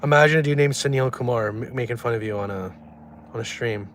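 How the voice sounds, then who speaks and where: A young man talks casually to his livestream audience from inside a car, his voice sitting at an ordinary middle pitch. He reads the chat aloud and answers it in a flat, deadpan way, trolling and teasing his viewers as he goes. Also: fast talker, slight background noise.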